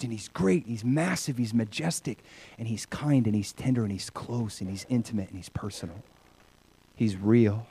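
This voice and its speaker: A male pastor preaching a sermon in a conversational, animated way, swinging between loud, bright lines and soft, hushed ones. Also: medium pitch.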